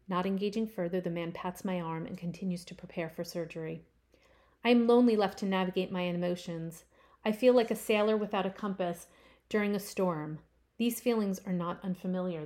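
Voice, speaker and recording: A woman reading her own first-person short story aloud, with expressive swells on key phrases. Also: lowish voice.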